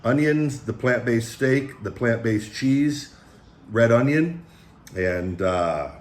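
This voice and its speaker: A man's voice: medium pitch, animated, slow, reverberant. Rambling laid-back man. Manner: rambling, laid-back, calls himself the big guy. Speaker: food review vlog host. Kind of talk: casual chat. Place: home room with pet dogs.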